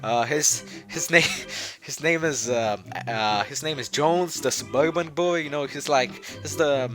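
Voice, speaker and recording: Over soft background music, a man shows off his game project in a joking, offhand way, rambling with many fillers and restarts and chuckling often. His voice is fairly high and a bit bright, and he talks a little slowly.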